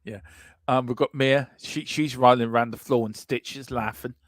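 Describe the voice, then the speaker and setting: A man co-hosting a casual fan chat show, reading out comments in an animated, joking way and repeating himself for emphasis. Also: medium pitch, moderate pace, no echo, studio quality. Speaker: co-host of a fan channel show.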